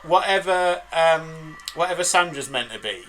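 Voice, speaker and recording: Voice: mid-range voice, lively intonation, normal speed, a bit bright, poor audio. A podcast co-host with a northern English accent, giving wry, casual watch-along commentary and laughing often. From northern England. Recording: background noise.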